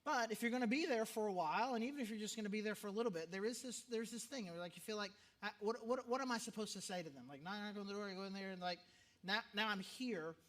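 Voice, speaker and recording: A man's voice: high-pitched, fast talker, a bit bright. A man who is a pastor, preaching a sermon in a conversational way, often repeating himself for emphasis. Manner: conversational, self-interrupting, emphatic repetitions.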